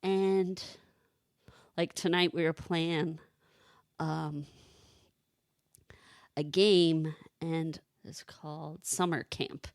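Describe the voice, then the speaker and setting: Woman podcast co-host, chatty storyteller, slow easy pace, lowish voice. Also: fairly even intonation, no room sound, studio quality. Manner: chatty storyteller, many fillers. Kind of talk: casual chat.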